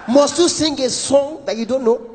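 A man with a Nigerian accent doing fast, animated stand-up that keeps breaking into song, recorded live in a large concert hall. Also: extremely high pitch, slight background noise. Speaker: stand-up comedian. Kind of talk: stand-up comedy with Pidgin asides. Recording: echoey hall, live show.

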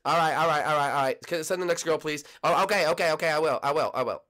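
A man's voice: fairly high pitch, fast talker, bright, forceful tone, pitched above the performer's own voice. A man voicing a flustered young bachelor who interviews dating contestants, stammering and bossy. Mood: exasperated. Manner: hesitant, stammering, bossy with his guests.

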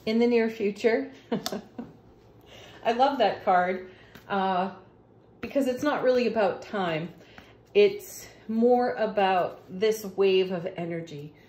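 A woman reading tarot cards in a casual, gushing way, laughing often. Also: mid-range voice. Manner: slow, warm-hearted, laughs often, gushing about the cards. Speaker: tarot reader. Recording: echoey room.

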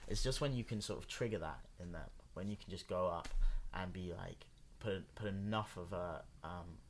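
A man with a fairly low voice co-hosts a casual podcast. He talks in a relaxed, reflective way with many short agreements, and faint noise sits behind him. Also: moderate pace. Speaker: podcast co-host. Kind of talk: casual conversation.

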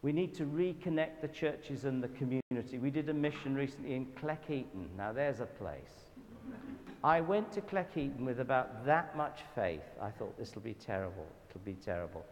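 A man with a Southern English accent giving a church talk, telling anecdotes in a lively, self-deprecating way. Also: mid-range voice, moderate pace. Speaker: guest speaker at a church event. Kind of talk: storytelling sermon talk. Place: church hall. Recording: reverberant hall with faint background noise.

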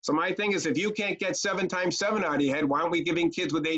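Talking very fast with few pauses, his voice on the high side, this middle-aged man trains youth care workers in a webinar. He is animated and energetic, telling stories and chanting short rhymes. The video call audio sounds dull and lo-fi.

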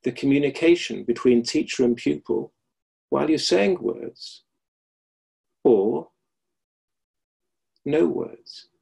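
A middle-aged man with a gravelly, slightly husky voice teaches over a video call. He speaks reflectively and often repeats a key phrase for emphasis. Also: medium pitch, lively intonation, slow, long pauses, warm tone. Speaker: Alexander Technique teacher. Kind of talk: webinar lecture with anecdotes.

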